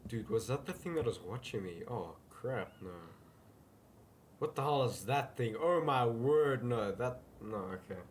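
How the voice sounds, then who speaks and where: A man's voice: lowish voice, expressive, moderate pace, slight background noise. Jumpy young man playing a horror game. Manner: jumpy, says dude a lot, shouts when startled. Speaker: gaming youtuber. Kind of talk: casual let's-play commentary.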